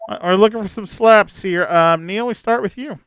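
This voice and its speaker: High-voiced upbeat game show host man. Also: normal speed, fairly bright tone, clean tone, no echo. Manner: upbeat, laughs often, reads prompts twice. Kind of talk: hosting an online game show.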